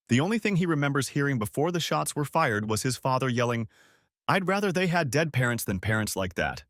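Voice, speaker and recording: Lively man narrating a story, dry sound. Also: mid-range voice, no room sound. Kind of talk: scripted first-person story narration.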